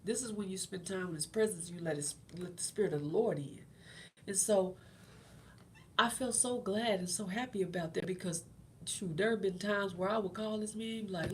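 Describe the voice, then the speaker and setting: With a medium pitch, a moderate pace and a slightly mellow quality, a middle-aged woman addresses viewers of her channel about faith. She stays casual and encouraging and repeats phrases. Slight background noise can be heard.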